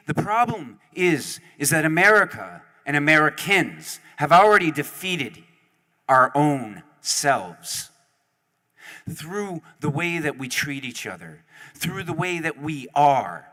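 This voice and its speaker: A man speaks at a council chamber podium with a fiery, sermon-like indignation. His voice is bright and somewhat high, and he delivers it slowly. A long reverb trails each line across the hall. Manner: indignant, preaching, mocking. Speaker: public commenter. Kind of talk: impassioned public comment.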